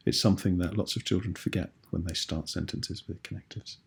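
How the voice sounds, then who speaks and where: A British man teaches a video lesson with a low, gravelly voice. His tone is husky and a little rough. He explains each point patiently and clearly. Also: steady tone, fairly quick.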